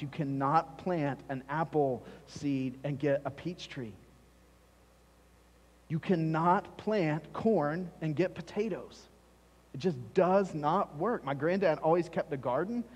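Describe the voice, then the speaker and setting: A man preaches a sermon as pastor, pressing his points and repeating them for weight. His voice sits a little high and slightly husky. Long church-hall reverb trails behind every phrase. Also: unhurried. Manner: emphatic, repeats key phrases for stress. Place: church sanctuary.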